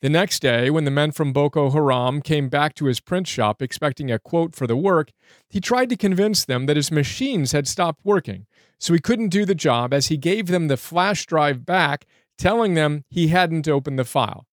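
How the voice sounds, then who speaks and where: A man's voice: on the high side, lively intonation, moderate pace, no room sound, studio quality. A man hosting a show that reads from and reviews a book, speaking in an earnest, sincere way. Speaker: book summary host. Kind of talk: reading aloud and reviewing a book.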